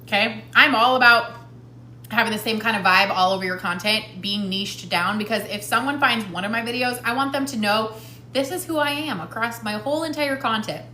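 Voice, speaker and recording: A woman's voice: a little high, a little fast, sharp tone, echoey room, slight background noise. A woman hosting a live stream with casual tips, chatty and laughing often, talking while she eats.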